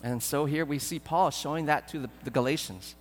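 A man preaching a sermon as pastor, earnest and pleading, often repeating words and filling pauses. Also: fairly high pitch, in a large hall.

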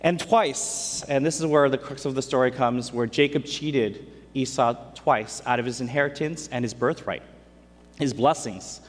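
A man's voice: medium pitch, normal speed. Man, preacher, casual storytelling sermon, conversational, long hall reverb. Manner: conversational, retells scripture in everyday speech.

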